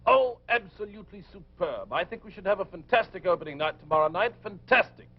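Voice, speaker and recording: A man's voice: sits high, expressive, fairly quick. A chipper man. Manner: airy, chipper. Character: chipper male theatre man, breezy. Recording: dull old film soundtrack.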